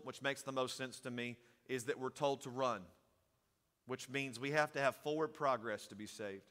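A man preaching a sermon, moving from steady teaching to loud, emphatic preaching. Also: mid-range voice, big-room sound.

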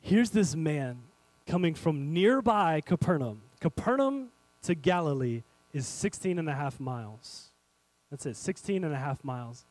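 A man preaching a sermon, animated and speaking straight to his congregation, swinging between loud and hushed. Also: on the high side, a little slow, no echo, rough recording. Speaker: pastor.

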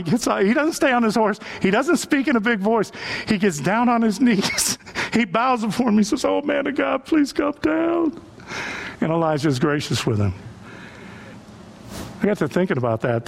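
Male pastor, sermon delivery, high and very lively pitch, plays the characters he quotes. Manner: animated preaching, acts out quoted voices.

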